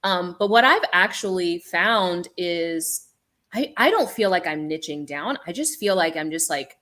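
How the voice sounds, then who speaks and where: A woman speaking as an initiated shaman with a business background on a panel, an animated storyteller with many ums. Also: fairly low pitch, unhurried.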